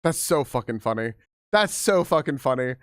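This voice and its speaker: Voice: mid-range voice, lively intonation, normal speed, no echo. Giggly, swearing young streamer, dry close mic. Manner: giggly, swears freely, rambling with restarts. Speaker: live streamer. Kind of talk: casual live-stream chat with viewers.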